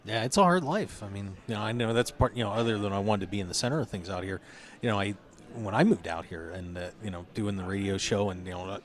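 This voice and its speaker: A man hosting a poker talk show, chatting in a relaxed, agreeable way. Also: lowish voice, fast. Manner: relaxed, agreeable listener with short backchannels. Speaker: host. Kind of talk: casual chat.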